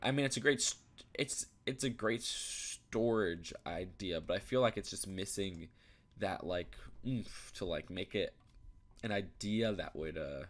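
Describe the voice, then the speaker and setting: Young male reviewer, lowish voice, rambling, thinks aloud, restarts often. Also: measured pace. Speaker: YouTube reviewer. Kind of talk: casual commentary while browsing.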